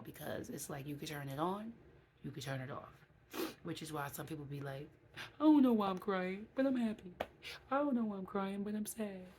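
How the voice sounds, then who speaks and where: A woman with a low, grounded voice talks openly to her viewers in a relaxed vlog. She is candid and emotional and chats along with plenty of fillers. Faint noise sits behind her. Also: poor audio. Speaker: vlogger. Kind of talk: casual vlog talk to viewers.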